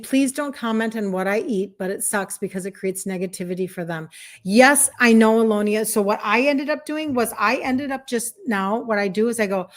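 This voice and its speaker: A chatty woman in her fifties talking live to her viewers. She is an encouraging health coach who talks loosely, with plenty of fillers. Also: fairly high pitch. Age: 50s. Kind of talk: casual live-stream chat, reading viewer comments.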